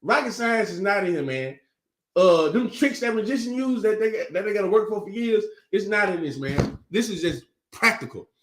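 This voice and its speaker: A man's voice: high voice, expressive, moderate pace, a bit bright. A man preaching emphatically in slangy, repetitive speech. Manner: emphatic, slangy, repeats words. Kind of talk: sermon teaching. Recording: echoey room.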